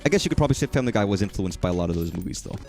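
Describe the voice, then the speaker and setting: A man's voice: fairly low pitch, lively intonation, rapid-fire, gravelly, darkish tone, soft background music. A man chatting casually while streaming a game, rambling and swearing at enemies. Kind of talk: casual gaming commentary.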